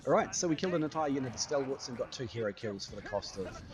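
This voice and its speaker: A man's voice: mid-range voice, lively intonation, quick pace. A man giving casual live commentary over his own gameplay, chatty and playful, tossing in sound effects and running remarks. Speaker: gaming YouTuber.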